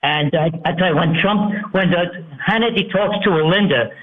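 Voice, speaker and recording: A man with a New York accent phones in to a radio show and rambles on, amused. His voice rides high through a tinny, echoey phone line. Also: normal speed, a little hiss or hum. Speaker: caller. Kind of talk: casual call-in chat.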